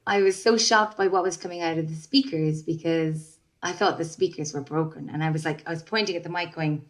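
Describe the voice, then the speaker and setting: A woman's voice: low-pitched, fairly quick. A woman, a singer-songwriter, talking reflectively in a casual interview with many fillers and restarts. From Ireland.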